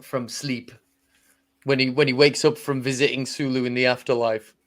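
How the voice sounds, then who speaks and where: A man co-hosts a podcast in casual chat, sounding hesitant, with lots of restarts and fillers. His mid-range voice stays level at a moderate pace.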